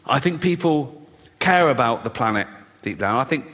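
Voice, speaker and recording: A man's voice: medium pitch, lively intonation, moderate pace, a bit bright. An English man doing a stand-up comedy set on a large theatre stage, sardonic and profane, acting out silly voices. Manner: sardonic, acts out silly voices and swears freely. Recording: long hall reverb from a big venue.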